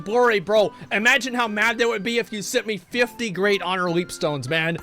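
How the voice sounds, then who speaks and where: A man's voice: high voice, moderate pace, hardly any pauses, sharp tone, faint music behind. A man streaming live, chatting casually and reading chat messages in a sarcastic, profane, rambling way.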